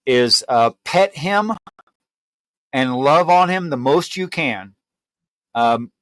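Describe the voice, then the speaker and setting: A man hosting a casual live stream chat, telling jokes in an animated way and laughing easily. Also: medium pitch, slow. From United States. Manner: animated storyteller, laughs readily.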